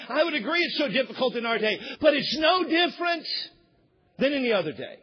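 A pastor preaching a sermon, emphatic, swinging between loud shouted points and low quiet asides. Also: male voice, sing-song, a little fast, slightly rough, highs cut off.

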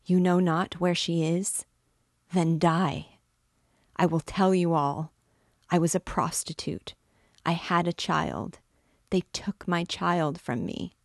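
A woman's voice: on the low side, no room sound, studio quality. A woman reading aloud voices a frantic, grieving old recluse who cries out and pleads in a raised, desperate voice.

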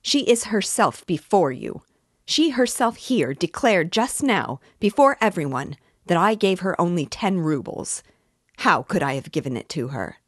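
A woman reading aloud and voicing a pompous, self-righteous middle-aged man who talks down to others and turns shrill when accused. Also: expressive, fairly quick, few pauses, breathy edge, no echo, studio quality, heavily acted. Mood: indignant. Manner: condescending, wordy, later shrill and indignant.

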